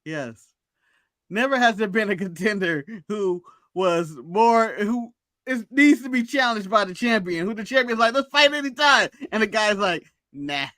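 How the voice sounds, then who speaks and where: An American man co-hosting a podcast, chatting casually about wrestling, laughing often and slipping into quick playful mock voices. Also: high voice, fairly bright tone, no room sound, studio quality. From United States. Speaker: podcast co-host. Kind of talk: casual wrestling recap chat.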